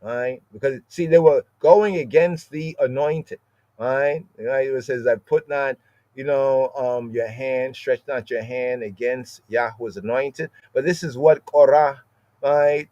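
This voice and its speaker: A man leads an informal scripture lesson, working through Hebrew words at an unhurried pace. He keeps checking in with "right?" as he explains. His voice sits at an ordinary middle pitch in a dry, close recording. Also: darkish tone, no echo, muffled recording. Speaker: Bible study teacher.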